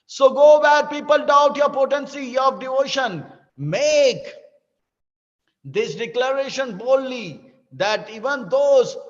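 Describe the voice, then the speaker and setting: Guy doing a bossy godly lord shouting orders, high voice, big echoey hall, kinda muffled. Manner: urgent declaring with shouted commands. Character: divine male lord, commanding and protective. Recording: dull lo-fi with long hall reverb.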